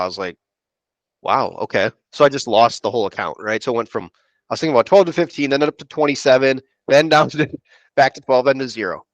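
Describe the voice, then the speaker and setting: This man sells insurance and is spinning a meandering podcast tale, quoting the people in it as he goes. He speaks quickly in a mid-range voice; the audio is dull but echo-free.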